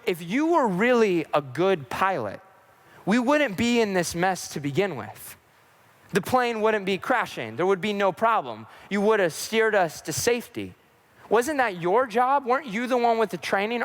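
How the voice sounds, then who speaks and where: A man's voice: sits high, fairly bright tone, big-room sound, heavily acted. A man voicing a skeptical airplane passenger who fires off challenging questions.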